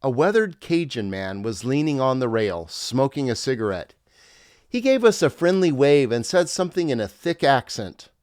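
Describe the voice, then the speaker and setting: A man's voice: mid-range voice, very animated, normal speed, darkish tone, no echo, studio quality. A middle-aged man, a former pastor, narrating his memoir in a wry, reflective storytelling manner.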